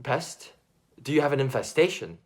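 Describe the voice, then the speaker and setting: A man's voice: mid-range voice, very animated, moderate pace. A man playing an awkward, hesitant reporter in a comedy news sketch. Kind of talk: mock news interview.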